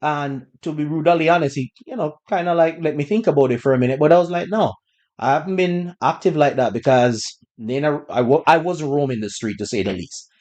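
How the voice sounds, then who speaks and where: A man hosting a podcast, telling a personal story in a relaxed, conversational way with bursts of laughter. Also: on the high side, brisk. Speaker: podcast host. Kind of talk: casual storytelling.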